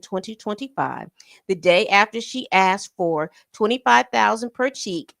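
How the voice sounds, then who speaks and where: A woman co-hosting a casual commentary stream, reading statements aloud and leaping high in pitch when incredulous. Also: gravelly, dry recording, studio quality. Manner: reads statements aloud with pauses. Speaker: co-host. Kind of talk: casual commentary on a news story. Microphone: streaming setup mic.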